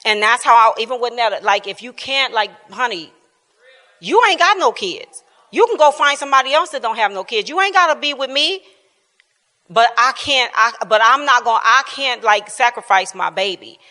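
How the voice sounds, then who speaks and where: A bright, forceful woman in her fifties tells a personal testimony at a church Bible class, animated and laughing often, sometimes dropping to a hush. Her voice rings out with a long hall reverb behind it. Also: fairly high pitch, normal speed. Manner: animated storytelling, laughs often, drops to quiet tones. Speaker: church speaker sharing testimony.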